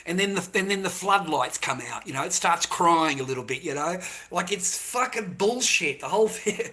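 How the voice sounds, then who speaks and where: A man's voice: a little high, animated, moderate pace, hardly any pauses, bright, forceful tone. A man on a rambling, profane monologue, often tagging on "right?" and "mate". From Australia. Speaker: vlogger.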